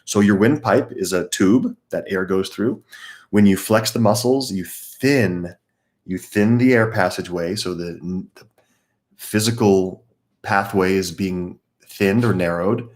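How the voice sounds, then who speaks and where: A man teaching a live guided meditation class, calmly explaining breathing techniques and greeting viewers by name. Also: sits low, measured pace.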